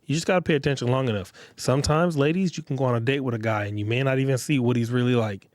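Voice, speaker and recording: This podcast host talks fast in a mid-range voice, riffing alone in a loose, profane way with plenty of street slang, and he gets lively when he imitates others. The sound is clean, dry, and studio-grade.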